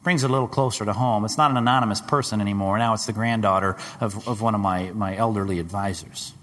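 A man preaching a sermon, dramatic, rising to loud high questions and dropping to hushed low tones. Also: fairly even intonation, fast talker, slight background noise. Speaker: pastor. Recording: long hall reverb.

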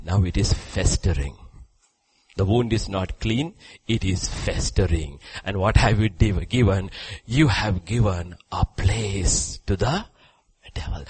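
A man preacher delivering a sermon, swinging between loud urging and quiet drops. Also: low-pitched, slightly rough, poor audio.

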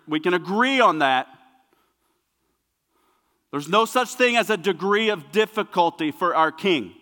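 A man delivers a sermon in a church sanctuary, his voice high and bright. He preaches with emphatic repetition, dropping to a hush and then building up loud again. A long reverb trails behind each phrase. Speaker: pastor.

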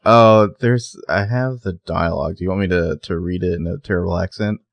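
A low-voiced man co-hosting a casual recap podcast with dry, wry asides. The recording is close and dead, with no room around the voice. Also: fairly quick, no room sound. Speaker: podcast co-host.

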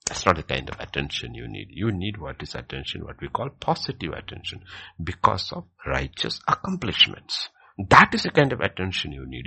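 Gravelly, husky man preaching with emphasis. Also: wildly swooping pitch, brisk, bright, forceful tone. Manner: emphatic, repeats key phrases, builds from low murmur to ringing peaks. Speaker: Bible teacher answering questions. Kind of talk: preaching-style Q&A answer.

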